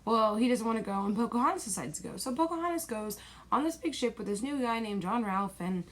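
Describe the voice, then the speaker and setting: A woman's voice: fairly high pitch, animated, fast. A young woman in a rambling, exasperated movie-review rant, packed with fillers and dismissive asides, recorded at home.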